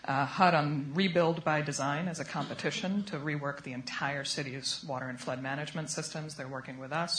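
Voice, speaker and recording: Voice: mid-range voice, a bit bright, a little hiss or hum. A panelist answering in a panel discussion, confident and emphatic. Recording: echoey room.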